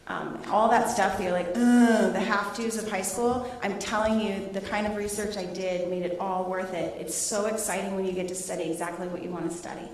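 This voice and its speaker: A middle-aged woman, a teacher, presenting her research to students and taking questions in a lively, laughing way. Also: medium pitch, a little fast, hardly any pauses. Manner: animated, laughing storyteller. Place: large echoey hall. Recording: echoey hall, voice from a distance.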